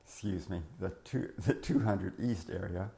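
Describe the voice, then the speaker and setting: An older man looks back on his early working years in a long, rambling oral history interview. His voice sits low with a gravelly fry, and it cracks at times. He wanders through fillers and restarts as he remembers. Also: normal speed, dark tone.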